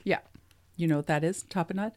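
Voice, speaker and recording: A woman's voice: on the low side, steady tone, a little fast, darkish tone. Middle-aged woman, podcast co-host; chatty, laughs easily, trails off mid-thought. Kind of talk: casual chat.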